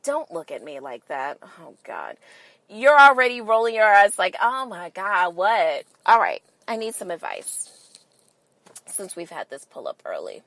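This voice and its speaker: A woman's voice: mid-range voice, huge pitch swings, normal speed, a bit bright, no room sound. A woman hosting a podcast in a casual monologue, emphatic and swearing freely, firing rhetorical questions at listeners. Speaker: podcast host.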